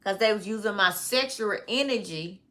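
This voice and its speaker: A woman vlogger, talking slowly in a rambling monologue, repeating phrases and often breaking into laughter. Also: medium pitch, sharp tone.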